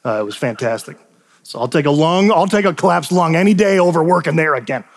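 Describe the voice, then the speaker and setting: Earnest preacher, a man with a higher voice. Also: expressive, fast. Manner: earnest personal storytelling, emphatic repetitions. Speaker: pastor. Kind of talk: sermon.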